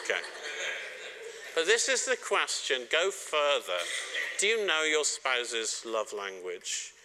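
A man's voice: a little high, very animated, slow pace, slight background noise. A middle-aged man gives a sermon on marriage, speaking straight to the congregation and joking now and then. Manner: warm, joking, direct address to the congregation. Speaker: preacher.

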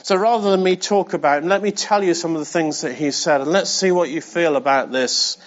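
A male preacher with a high voice delivers a sermon in a casual, conversational style. He talks straight to his listeners and drives points home by repeating them. The recording is muffled and lo-fi. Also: fairly quick. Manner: conversational, speaks directly to the congregation; emphatic, repeats key phrases. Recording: dull lo-fi sound.

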